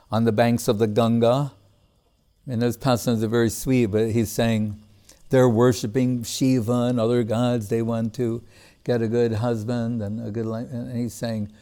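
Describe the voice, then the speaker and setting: A man of middle pitch gives a casual spiritual talk, easygoing and conversational. He chuckles often and breaks into recited Sanskrit verses between his remarks. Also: normal speed, clean tone. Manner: relaxed and conversational, with frequent "like" and "you know"; chuckles often while speaking. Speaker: spiritual teacher.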